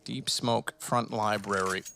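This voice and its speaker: A man calling an esports match, quick and excitable, often correcting himself mid-sentence. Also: fairly low pitch, vocal fry, noisy background. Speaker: esports caster. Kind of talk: play-by-play commentary.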